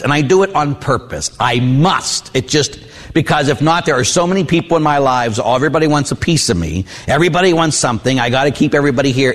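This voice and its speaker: A middle-aged priest preaches in a loose, conversational way, tossing in quick "huh?" asides as he tells stories from his own life. His voice sits at an ordinary male pitch. It rings out with a long reverb, as in a large church or hall. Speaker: Catholic priest. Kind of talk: sermon with personal stories.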